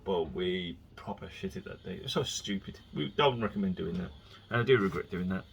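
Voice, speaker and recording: Rambling man, low voice. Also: fairly quick, vocal fry, soft background music. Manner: rambling, chatty storytelling with frequent restarts. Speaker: vlogger. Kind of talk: casual solo monologue.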